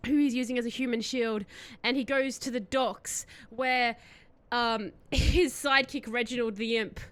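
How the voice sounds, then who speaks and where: A woman's voice: on the high side, fairly even intonation, measured pace. A woman streamer chatting casually and telling a rambling story, giggling often.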